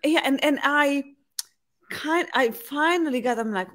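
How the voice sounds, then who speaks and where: A woman's voice: sits high, a little slow. A woman from Hungary, an English speaker, hosting a casual conversation and telling stories with animation. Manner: animated, lively storytelling. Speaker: host.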